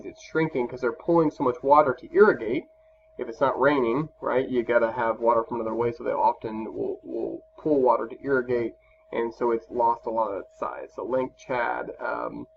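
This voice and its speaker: A man's voice: medium pitch, creaky. A male teacher giving a recorded classroom lesson over slides, talking casually with many fillers and restarts. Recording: slightly dull lo-fi recording with faint background hum.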